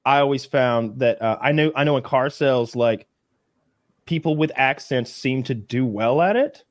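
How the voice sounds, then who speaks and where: A man's voice: mid-range voice, moderate pace, no echo, clean studio sound. A man co-hosting a casual podcast chat, telling a rambling story with frequent restarts and laughter. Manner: rambling, restarts a lot, laughs at own stories. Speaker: podcast co-host.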